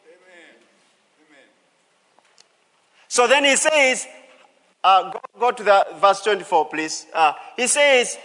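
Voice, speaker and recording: A male pastor delivers a sermon with a notably high voice, leaning hard on key words and repeating them for the congregation. His voice rings out with the long reverb of a church hall. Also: very animated, unhurried, long pauses, bright, forceful tone. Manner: emphatic, repeats key phrases, calls out to the congregation.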